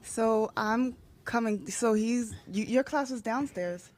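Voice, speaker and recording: A woman in her late thirties co-hosting a podcast, teasing and quick to correct the other host. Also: a little high, darkish tone. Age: late 30s. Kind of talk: casual chat.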